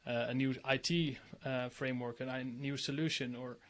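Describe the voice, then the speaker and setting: A man's voice: medium pitch, fairly even intonation, normal speed. Earnest male podcast host. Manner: earnest, many restarts and filler. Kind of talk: conversational interview.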